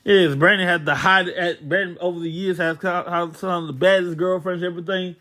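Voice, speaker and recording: A man's voice: high voice, steady tone, fairly quick, pushed and bright. Stammering man preaching on a podcast. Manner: stammers and restarts, repeating words; preachy, turns talk to scripture. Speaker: podcast co-host. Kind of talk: casual podcast chat.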